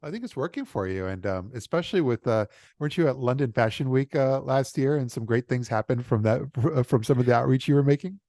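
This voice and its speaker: A man with a mid-range voice hosts a relaxed interview. He talks quickly and fills his questions with "uh" and "yeah." The sound is dry and close. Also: mid-range voice, no echo. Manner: fast, with frequent fillers and quick affirmations. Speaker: interviewer, host. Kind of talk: casual interview chat.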